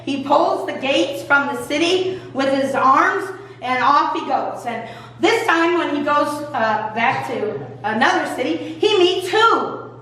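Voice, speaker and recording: A woman pastor retelling a Bible story in a lively, jokey, colloquial way, recorded from far off in a church. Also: high-pitched, a little slow. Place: church sanctuary. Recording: echoey hall, mic far off.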